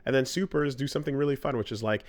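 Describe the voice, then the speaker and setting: Podcast co-host, male, relaxed rambling delivery, plain mid-range voice. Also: mid-range voice, rapid-fire. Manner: rambling, filler-heavy, enthusiastic about fighting games. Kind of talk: casual chat.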